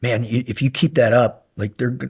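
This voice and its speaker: A man's voice: medium pitch, normal speed, breathy edge. A middle-aged man, a former military instructor, telling stories casually in an interview, rambling with many fillers and swearing when he gets worked up. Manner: rambling anecdotes with many fillers, profane and animated when recounting yelling. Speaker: podcast guest, former SEAL instructor.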